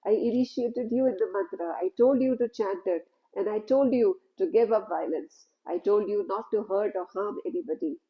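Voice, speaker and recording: A woman's voice: mid-range voice, moderate pace, hardly any pauses, dull audio, lightly acted. A woman voicing a wise, loving old holy man who questions his disciple earnestly, in a told story. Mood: concerned, earnest.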